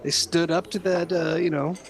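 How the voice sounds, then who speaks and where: A man putting on a sneaky, high-voiced halfling schemer. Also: steady tone, moderate pace, natural voice. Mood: persuasive.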